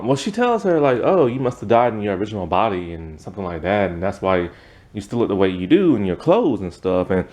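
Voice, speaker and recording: A man's voice: on the low side, a little mellow. Rambling man full of fillers. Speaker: TV episode reviewer. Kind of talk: casual spoken review, retelling a plot.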